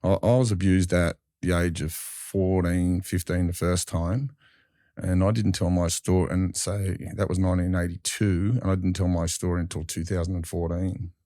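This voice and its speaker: Australian man, low and mellow, candid rambling interview storytelling, dry close mic. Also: little pitch movement, normal speed, dry recording. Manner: rambling with frequent restarts and fillers; colloquial, acts out others in dialogue. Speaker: guest telling his life story.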